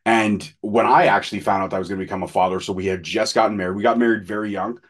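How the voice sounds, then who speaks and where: A man's voice: on the low side, fairly even intonation, rapid-fire. A man in his thirties, a podcast co-host, telling personal stories in candid, profane, casual chat. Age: 30s.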